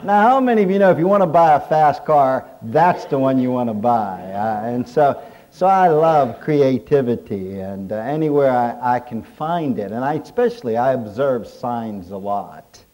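A middle-aged male preacher with a warm, mellow voice. He delivers his sermon in a folksy storytelling way, working jokes in as he goes. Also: mid-range voice, expressive, normal speed, highs cut off. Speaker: pastor. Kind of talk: humorous sermon.

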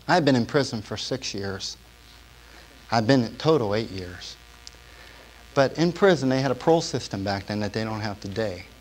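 A man preaching a personal testimony, telling his story and asking the congregation questions, shifting between hushed and emotional passages. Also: fairly low pitch, expressive, normal speed, long pauses, a little hiss or hum, rough recording. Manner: storytelling, asks the audience questions; swings from quiet to loud and emotional. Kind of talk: sermon testimony.

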